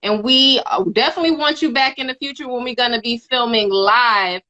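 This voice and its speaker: Hype host woman, high bright voice, folksy and cheering, live video call. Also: brisk. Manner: enthusiastic, folksy, says "y'all" and "honey". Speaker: interview host. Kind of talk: live social media interview.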